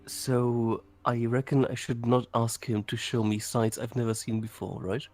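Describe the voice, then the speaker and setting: A man's voice: mid-range voice, level tone, normal speed, darkish tone, soft background music. A man playing a tabletop game, casual, stammering, and swearing. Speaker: player.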